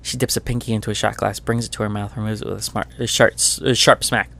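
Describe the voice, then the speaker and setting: A man's voice: on the low side, flat delivery, fast, creaky, sharp tone. A man narrating as game master of a tabletop game, describing scenes with frequent stumbles and self-corrections.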